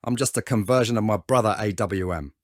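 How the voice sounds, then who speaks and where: A man voicing a proud, self-pitying sniper rifle in a lower, measured voice. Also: no echo, studio quality, close to an everyday voice. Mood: haughty.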